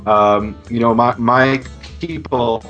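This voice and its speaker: A man's voice: mid-range voice, slow pace, fairly bright tone, lo-fi sound, soft background music. A man talking as a guest in a casual podcast chat, explaining things earnestly. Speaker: guest teacher.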